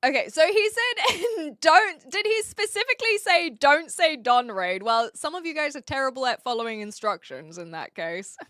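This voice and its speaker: A woman's voice: high voice, big pitch swings, moderate pace, hardly any pauses, a bit bright, dry recording, clean studio sound. A woman from New Zealand with a mixed New Zealand, Australian and British accent, live streaming from an attic in a casual, giggly way as she reads viewers' chat aloud.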